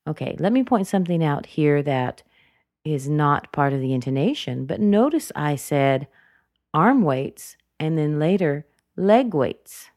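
A woman teaching English intonation, repeating single words slowly to show how they rise and fall. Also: low voice, expressive, a little mellow, no echo, clean studio sound. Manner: slow and deliberate, repeating words to model intonation. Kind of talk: explaining intonation.

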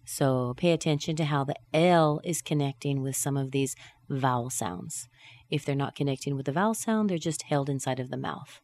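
A woman teaching English pronunciation, drilling short question tags slowly and deliberately. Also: deep voice, lively intonation, a little mellow, dry recording.

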